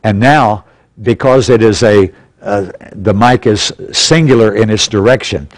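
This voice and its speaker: A man's voice: on the low side, measured pace, dry recording, rough recording. A man teaching a practical church class in an auditorium, plainly and instructively, repeating his key points. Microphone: stationary pulpit mic.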